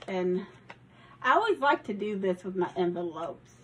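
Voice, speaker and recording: A woman's voice: medium pitch, animated, normal speed, a bit bright, highs cut off, a little hiss or hum. A woman casually showing a handmade journal from her craft shop, rambling with ums and small self-corrections. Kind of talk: casual craft video walkthrough.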